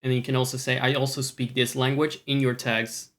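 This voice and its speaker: A man's voice: mid-range voice, little pitch movement, fairly quick, a bit bright. A Scottish man chatting casually on a stream, rambling, swearing often and talking to himself.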